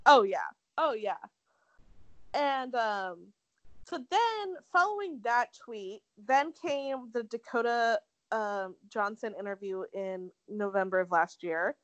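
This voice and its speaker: Chatty young woman, higher voice, dry sound. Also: animated, slow pace, fairly bright tone, dry recording, low-quality recording. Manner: chatty storyteller, lots of "like", acts out quotes. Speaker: podcast co-host. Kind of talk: casual chat.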